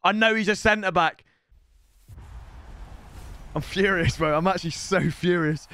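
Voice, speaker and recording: A man streaming a football video game live, excitable and swearing, often shouting at the game. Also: high-pitched, a little slow, background noise. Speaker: gaming streamer. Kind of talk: live gaming stream chat.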